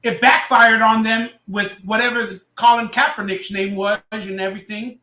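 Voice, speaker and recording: A man's voice: sits high, steady tone, normal speed, sharp tone, echoey room, recorded from a distance. A man hosting a casual live stream, ranting sarcastically and reading out viewer comments. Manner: ranting, sarcastic, reads chat aloud.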